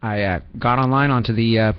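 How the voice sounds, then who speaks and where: A man with a steady, clear, resonant mid-range voice talks a little fast, with no room sound. He hosts a call-in radio show, rambling and teasing callers with self-mocking jokes, captured in a dull lo-fi radio recording with faint music behind.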